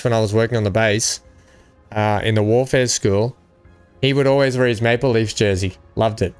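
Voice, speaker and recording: An Australian man with a smooth, resonant voice at a middling pitch chats away casually while playing a game, rambling from one thought to the next. He sounds upbeat and enthusiastic. Faint game music plays underneath. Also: dry recording. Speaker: gaming channel host. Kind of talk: casual gameplay chat.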